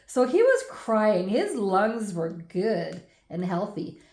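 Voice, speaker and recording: A woman in her forties, the host of a scrapbooking channel, chatting through a baby album at home with laughs and animated asides. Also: medium pitch, slow pace, roomy sound. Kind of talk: casual chatty album walkthrough.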